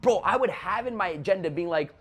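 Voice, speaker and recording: Excitable man, higher voice. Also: slightly rough. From Canada. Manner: rapid, profane, excitable, full of "like" and "bro". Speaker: sales trainer guest. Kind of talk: casual podcast storytelling.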